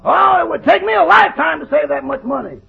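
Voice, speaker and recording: A man's voice: expressive, quick pace, exaggerated voice. An actor playing a wisecracking male valet who tends his sick boss, in 1940s radio comedy style. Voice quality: high, gravelly voice. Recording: dull, noisy old radio broadcast.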